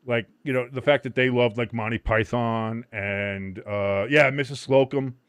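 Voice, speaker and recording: A man hosting a live match watch-along in casual chat. He gets excited easily, swears freely, laughs often and shouts at big moments. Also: medium pitch, unhurried, clean tone, no room sound.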